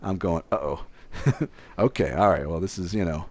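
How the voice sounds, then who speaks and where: A man's voice: sits low, normal speed. A young man telling a casual story, acting out other people's lines as he goes. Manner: animated, acts out other people's voices.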